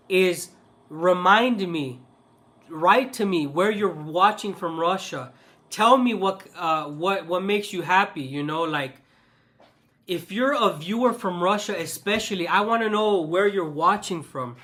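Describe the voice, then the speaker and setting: In a sharp, high voice, a channel host from the West delivers a fervent ranting monologue for his vlog. He circles back over the same ground and frequently restarts his sentences.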